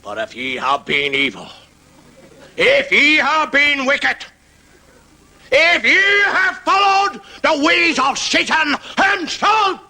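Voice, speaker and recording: Hellfire preacher, high shrill shouting, slow dragged words. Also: male voice, very animated, exaggerated voice. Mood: thundering. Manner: bellowing, drawn-out sermon cadence. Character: fiery, thundering male hellfire preacher.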